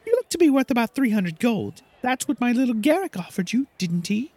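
A man's voice: very high-pitched, very animated, brisk, mellow, voice pushed up, exaggerated voice. Silky, a man doing a haughty theatrical diva. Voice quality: grand, theatrical. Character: haughty vain female actress, theatrical and imperious. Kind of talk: reading game dialogue aloud.

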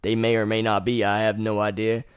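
A man's voice: lowish voice, monotone, a little fast, clear, resonant tone, no echo, clean studio sound. A young man hosting a podcast, casually and animatedly retelling a game with profanity and laughing asides. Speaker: podcast host.

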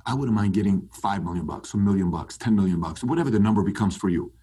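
A man talking as a podcast guest, emphatic and animated, pitch climbing when he gets fired up. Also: fast, husky. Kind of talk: animated interview talk.

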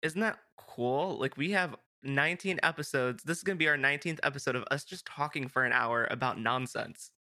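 A young man hosting a casual podcast, his voice bright and forward. He rambles along with plenty of fillers and restarts, and the recording is close and dry. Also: medium pitch, a little fast, hardly any pauses, no echo. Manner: chatty, rambling, filler-heavy. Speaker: podcast host. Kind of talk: casual chat.

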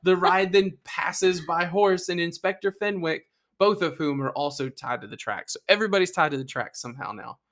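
A man with a fairly high voice co-hosts a relaxed podcast. He reads out facts, then drifts into jokes and small asides. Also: normal speed, hardly any pauses. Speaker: podcast co-host. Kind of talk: casual chat.

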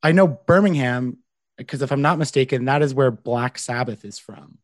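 A man from Canada hosts his podcast in a chatty, upbeat manner that is full of fillers. His voice sits at a middling pitch. The sound is very dry and close. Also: moderate pace, no echo. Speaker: podcast host. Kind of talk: podcast intro and interview.

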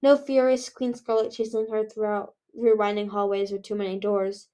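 A woman reading a novel aloud in a steady way, with small slips. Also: mid-range voice, normal speed. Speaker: reader. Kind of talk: audiobook reading.

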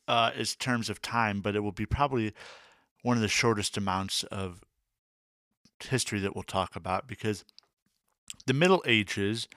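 A man's voice: lowish voice, normal speed, long pauses, a bit bright, dry recording, studio quality. A man co-hosting a music teaching podcast, friendly and easygoing, laughing readily. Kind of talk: casual educational podcast chat.

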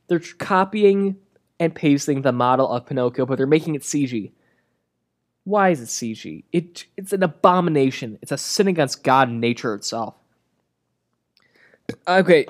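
Snarky vlogger tearing into a movie, bouncy up and down voice, swears a bunch. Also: medium pitch. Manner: sarcastic, crude, exasperated. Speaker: movie reviewer. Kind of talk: comedic movie rant.

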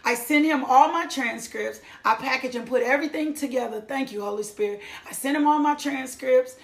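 High-voiced woman giving testimony. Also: brisk, creaky. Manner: emphatic, repeats phrases for effect. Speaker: testimony speaker. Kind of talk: church testimony. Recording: echoey room.

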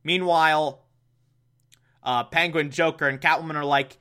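A man's voice: fairly high pitch, steady tone, moderate pace, sharp tone. A man giving a sarcastic, rambling comedic movie recap, laughing at his own jokes.

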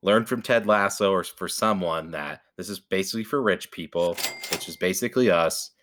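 A man's voice: low voice, moderate pace, a bit bright, a little hiss or hum. A man hosting a casual sports chat podcast, laid-back and joking. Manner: laid-back, joking, calls cohost baby. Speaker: podcast host.

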